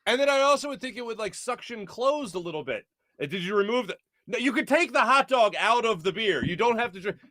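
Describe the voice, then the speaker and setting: Male show host, casual and playful, lively pitch, dry studio sound. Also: fast talker, no room sound. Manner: playful, animated, laughs often. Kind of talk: casual sports talk show chat.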